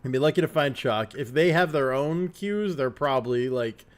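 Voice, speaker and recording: A man's voice: medium pitch, lively intonation, normal speed, a loud crowd. A man hosting a casual chat, playful, with a morning voice, now and then slipping into silly singing or an announcer voice. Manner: playful, breaks into silly sung lines and announcer voice. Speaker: host.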